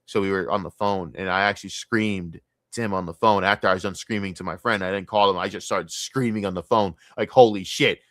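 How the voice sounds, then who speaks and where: A young man streaming a casual, profane and rambling sports rant, talking excitedly. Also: deep voice, fairly quick, hardly any pauses, no room sound.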